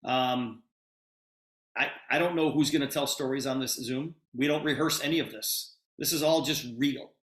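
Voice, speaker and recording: A man's voice: mid-range voice, normal speed, fairly bright tone, echoey room. A man hosting a sales video call, talking in an urgent, emphatic and enthusiastic way.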